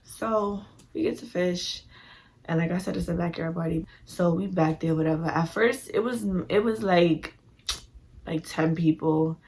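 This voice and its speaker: A woman's voice: lowish voice, unhurried, darkish tone. A young woman telling a story in a casual, slangy way, full of "like" and acted-out quotes. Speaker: vlogger.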